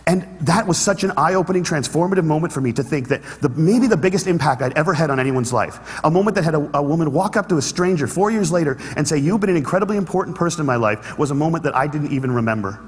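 A man's voice: fairly high pitch, lively intonation, fast, hardly any pauses. A man giving an earnest inspirational talk on stage, telling a story with humorous asides. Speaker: speaker. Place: large hall with an audience. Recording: reverberant hall.

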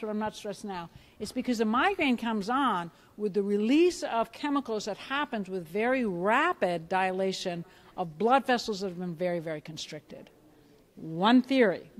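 In a conference room before a live audience, a woman biofeedback clinician gives a lively hands-on lecture in a mid-range voice. She's animated, asks the crowd questions and acts out reactions.

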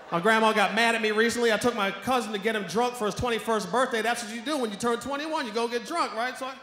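Bright, profane stand-up comedian man. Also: very high-pitched, slight background noise. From Washington, D.C. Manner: profane, animated, often shouting. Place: comedy stage. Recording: echoey hall, live stage.

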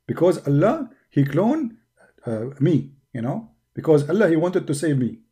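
Sarcastic mellow-voiced man taunting. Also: fairly high pitch, very animated, normal speed, husky. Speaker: online debater. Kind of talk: mocking stream monologue.

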